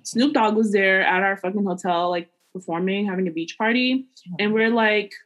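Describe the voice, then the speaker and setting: A woman's voice: mid-range voice, normal speed. A young woman in her twenties chatting with friends, teasing and emphatic, swearing casually. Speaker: friend co-telling the story.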